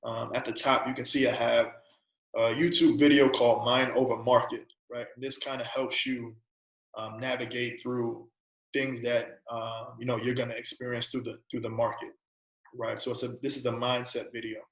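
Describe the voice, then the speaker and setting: A man's voice: medium pitch, flat delivery, moderate pace, a bit bright, reverberant, rough recording. A man teaching an informal trading lesson, talking casually, tagging his points with "right?" and "you know", and asking a string of coaching questions. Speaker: trading presenter.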